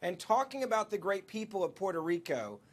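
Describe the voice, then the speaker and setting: A man's voice: high-pitched, very animated, a little fast, a bit bright. A man arguing on a cable news panel, insistent and interrupting the others. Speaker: panel commentator.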